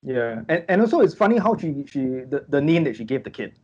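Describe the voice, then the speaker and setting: A man's voice: mid-range voice, big pitch swings, brisk, darkish tone, breathy edge, dull audio. A man chatting and joking casually on a podcast. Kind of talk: casual chat.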